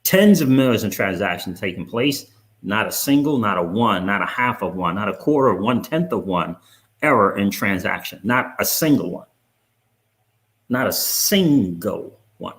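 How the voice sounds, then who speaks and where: A man's voice: lowish voice, lively intonation, moderate pace, a bit bright. A man hosting a crypto video channel, talking casually to viewers and repeating words for emphasis.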